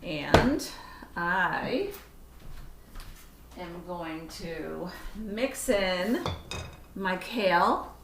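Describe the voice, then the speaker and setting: A woman's voice: on the low side, fairly bright tone, slight background noise. A woman giving a casual cooking demonstration in her home kitchen, chatty and self-correcting as she works. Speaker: cooking instructor. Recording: roomy kitchen sound from a distant camera mic.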